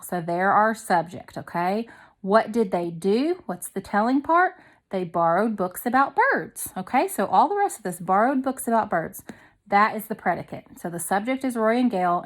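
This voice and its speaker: A second grade teacher with a middle-range voice patiently guides young children through a grammar lesson step by step. She reads each example sentence slowly, breaks it down, and keeps checking in with "okay?"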